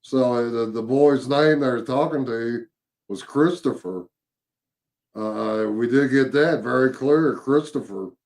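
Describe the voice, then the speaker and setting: A man, casually recounting a paranormal investigation, halting with many fillers and repeated words. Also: medium pitch, a little mellow. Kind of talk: casual storytelling chat.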